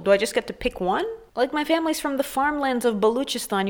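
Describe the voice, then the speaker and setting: A woman giving a crude, sarcastic comedic commentary monologue, often jumping into high, squeaky asides.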